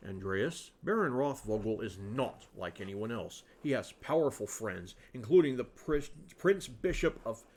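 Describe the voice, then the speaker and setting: A man doing a slow, creaky old monk. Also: lowish voice, big pitch swings, a little mellow. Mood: stern. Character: frail old male monk, grumbling and stern.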